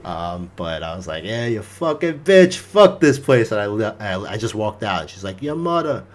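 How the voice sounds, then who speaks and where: A young man, a podcast host, telling a story in casual chat, animated and full of swearing. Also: fairly low pitch, normal speed.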